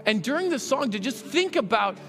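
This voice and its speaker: Earnest pastor in a reverberant hall. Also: male voice, extremely high pitch, very animated, a little fast, fairly bright tone, soft background music. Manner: earnest, builds to fervent and emphatic. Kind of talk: sermon. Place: church sanctuary.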